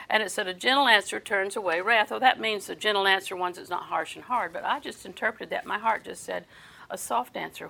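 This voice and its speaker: An older woman preaching a sermon, folksy and storytelling, often dropping her voice soft. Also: medium pitch, vocal fry, low-quality recording.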